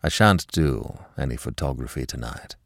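A man voicing a smooth, secretive husband in an audiobook reading, speaking gravely and low. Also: big pitch swings, unhurried, no room sound, clean studio sound, full character voice. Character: husband, smooth-talking, secretive, quick to anger.

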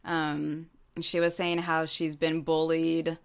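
A woman co-hosting a podcast tells a story at an unhurried, drawn-out pace. Her voice is smooth and clear and sits slightly low, and she fills her sentences with ums and likes as she chats. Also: flat delivery. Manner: chatty storytelling with many fillers. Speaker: podcast co-host. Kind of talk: casual chat.

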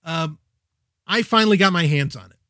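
A man hosting a tech podcast, talking casually in an energetic, wisecracking way that often breaks off and restarts. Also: a little high, normal speed, no room sound, studio quality. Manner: energetic, wisecracking, self-interrupting. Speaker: podcast host.

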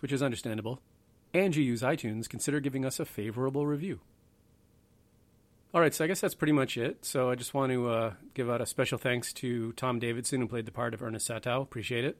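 A man hosting a history podcast, talking in a rambling, offhand way with self-deprecating asides. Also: medium pitch. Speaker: podcast host. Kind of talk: casual history podcast talk.

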